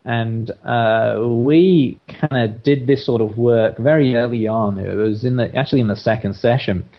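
A man's voice: medium pitch, moderate pace, dull audio. A man, a therapist, telling a case story in an interview, with many restarts and filler words. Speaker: therapist, podcast guest.

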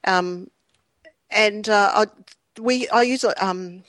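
Woman, middle-aged, chatty storyteller, mid pitch, dry close mic. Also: slow, no room sound. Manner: lively anecdotes, frequent laughter and ums. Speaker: clinical psychologist guest. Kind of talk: conversational interview storytelling.

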